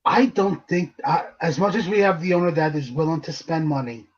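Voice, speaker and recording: A man talking sports on a live stream in an excitable casual way, with some swearing. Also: on the high side, brisk, muffled recording.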